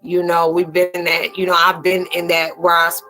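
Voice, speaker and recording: A woman's voice: lowish voice, completely flat delivery, normal speed, sharp tone, soft background music, poor audio. A woman hosting a live-stream spiritual chat, close to tears and speaking earnestly and colloquially to her viewers by name. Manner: colloquial, fillers and restarts, calls listeners sweetie.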